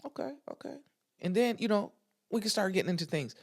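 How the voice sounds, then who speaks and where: A woman's voice: medium pitch, expressive, fast talker. Blunt, emphatic woman podcaster. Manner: emphatic, repeats phrases for stress; talks straight to listeners, frank and blunt. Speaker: podcast host. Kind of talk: casual motivational podcast monologue.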